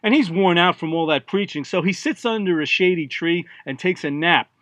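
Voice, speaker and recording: A man reading his own short story aloud in an offhand, deadpan, irreverent way. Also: sits high, moderate pace, no echo. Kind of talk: casual first-person story reading.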